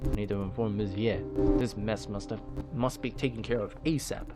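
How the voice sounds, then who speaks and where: An actor playing a calm male office supervisor who gives instructions and reassurance, over loud game music. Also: fairly low pitch, normal speed, close to an everyday voice. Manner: steady, reassuring, businesslike.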